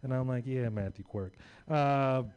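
A man's voice: medium pitch, a little slow, a little mellow, smooth, lo-fi sound. A young man performing a rambling, profane, self-deprecating stand-up comedy set on a club stage.

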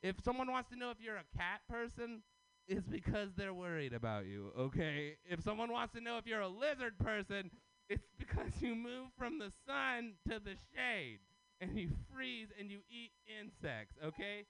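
A man performing stand-up at an open mic, talking fast and working the crowd. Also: high voice, animated, a bit bright, clear, resonant tone, rough recording. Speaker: stand-up comedian.

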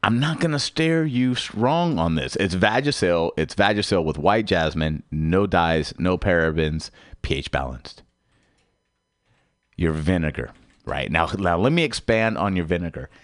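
A man hosting a radio comedy show, delivering a mock infomercial rant with a salesman-like pitch and big swooping emphasis. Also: expressive, measured pace, no room sound, clean studio sound. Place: radio studio.

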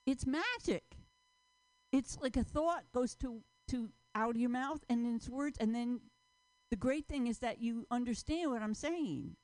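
A woman's voice: on the high side, moderate pace, darkish tone, no room sound, low-quality recording. A woman doing a stand-up set at an open mic, rambling and self-mocking, often trailing off.

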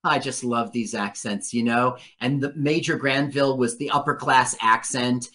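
A radio host chatting casually about a movie, animated and profane. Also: medium pitch, a little hiss or hum. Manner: animated, profane, quick to laugh. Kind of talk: casual movie commentary chat.

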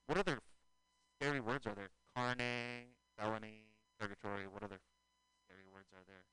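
A man's voice: on the low side, a bit bright, smooth, no room sound, poor audio. A man in loose, rambling casual chat, joking and drifting from topic to topic as a podcast co-host.

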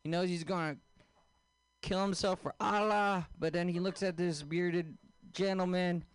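A man doing a stand-up comedy set, deadpan and crude, often quizzing the crowd. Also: high voice, measured pace, smooth, dry recording. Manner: deadpan, crowd-work questions, crude jokes.

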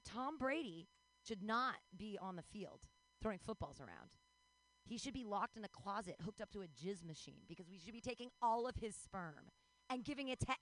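A woman's voice: mid-range voice, rough recording. A woman in her forties doing a bawdy, self-mocking stand-up set, breaking into squealing voices. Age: 40s. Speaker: stand-up comedian.

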